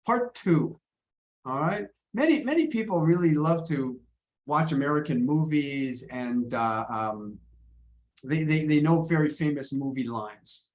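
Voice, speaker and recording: Man, English teacher, online class over video call, fairly high voice, encouraging, repeats himself. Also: expressive, a little slow, darkish tone. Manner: encouraging, repeats words often.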